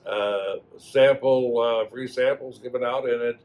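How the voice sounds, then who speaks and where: A man in his eighties from Wisconsin, a school alumnus, telling old stories in a halting way full of fillers. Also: medium pitch, steady tone, darkish tone, rough recording. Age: 80s. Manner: halting, many fillers and restarts. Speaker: alumnus guest. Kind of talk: reminiscing storytelling.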